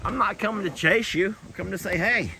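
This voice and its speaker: A man's voice: sits high, quick pace, background noise. A middle-aged man talking casually to the camera and cooing at his animals outdoors on a farm. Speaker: farm vlogger.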